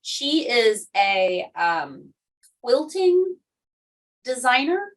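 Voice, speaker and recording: A woman's voice: a little high, big pitch swings, drawn-out words, distant mic, poor audio. A woman hosting a podcast, chatting casually and telling stories with a laugh now and then. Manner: chatty storyteller, laughs often. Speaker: podcast host. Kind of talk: casual chat.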